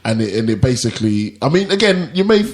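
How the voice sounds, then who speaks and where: A man's voice: mid-range voice, very animated, quick pace, a crowd in the background. A man co-hosting a casual film chat, enthusiastic and filling his talk with "you know" and "like". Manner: enthusiastic, fond of filler 'you know' and 'like'. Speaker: podcast co-host.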